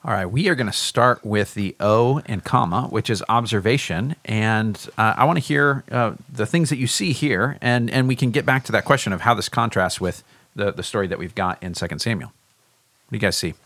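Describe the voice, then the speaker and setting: A man's voice: lowish voice, moderate pace, fairly bright tone, dry recording. A man, a pastor, leading a podcast bible discussion and explaining the background in an explanatory way with hesitant restarts.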